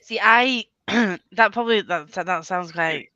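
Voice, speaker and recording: A woman's voice: medium pitch, slow pace, sharp tone, dry recording, lo-fi sound. A woman hosting a casual chat, laughing often and swearing freely. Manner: laughs often, swears, slips into silly voices. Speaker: host.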